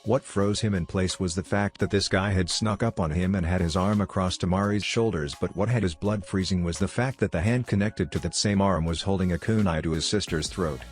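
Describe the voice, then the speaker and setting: A man with a very deep, low voice reads out a fan fiction story at a steady, even pace. Faint music plays underneath the narration. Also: a little fast, hardly any pauses.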